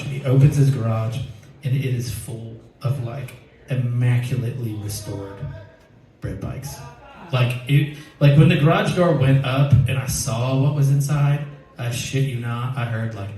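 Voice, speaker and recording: A man's voice: medium pitch, dark tone, heavy reverb, far from the mic, poor audio. A man telling a profane, rambling personal story and laughing through it. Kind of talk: live storytelling.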